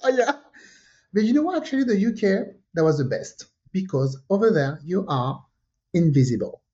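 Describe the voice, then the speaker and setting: A woman with a French accent, a native French speaker, telling animated stories in a casual podcast chat and acting out the voices of the people in them. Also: lowish voice, normal speed, lo-fi sound. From France. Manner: animated, acts out quoted voices, repeats herself. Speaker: podcast co-host. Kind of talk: casual conversational storytelling.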